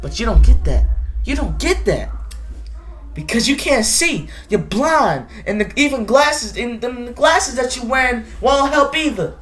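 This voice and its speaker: A woman's voice: on the high side, animated, unhurried. A woman voicing a dramatic, touchy male aspiring author in a comedy sketch, theatrical and indignant, repeating himself for effect.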